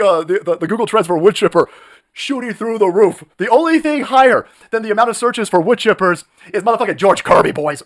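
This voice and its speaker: Brief: male streamer, high voice, rapid-fire profane rant, mocking. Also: expressive. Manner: profane, mocking, shouting rants with mimicked voices. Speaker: live stream host. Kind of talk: ranting political live stream.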